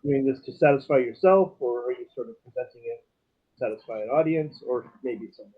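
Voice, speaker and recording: A man with a husky, slightly breathy voice muses aloud on a podcast, turning ideas into questions. His pitch is mid-range. The audio sounds dull and lo-fi. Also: a little fast. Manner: reflective, questioning. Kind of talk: casual chat.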